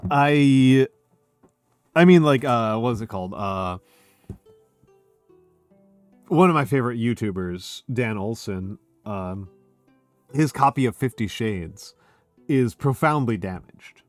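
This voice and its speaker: A man's voice: medium pitch, lively intonation, measured pace, no room sound, faint music behind. A man chatting casually on a drinking stream, tipsy and hiccuping, rambling and emphatic with lots of fillers. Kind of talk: casual chat.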